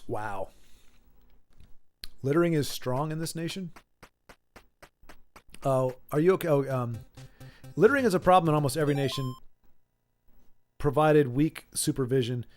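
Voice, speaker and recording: A man's voice: on the high side, moderate pace, long pauses, soft background music. A man in his forties chatting casually on a live game stream, often stumbling over his words and restarting sentences as he answers viewers. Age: 40s. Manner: stammering restarts, reads viewer chat aloud. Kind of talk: casual live-stream chat while playing.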